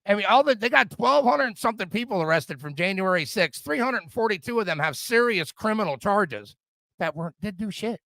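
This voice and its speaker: A middle-aged man hosts a podcast in a heated, profane rant, tripping over repeated words as he pushes his points. His voice sits high and bright. The sound is close and dry. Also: animated, a little fast, creaky, dry recording. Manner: profane, fired-up, repetitive stammering restarts. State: drinking whiskey. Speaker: podcast host. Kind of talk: casual political rant.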